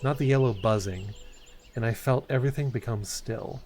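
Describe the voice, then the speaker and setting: A man's voice: medium pitch, moderate pace, darkish tone, faint music behind. A man streaming a narrative game, reading the story text aloud expressively, with stumbles and asides.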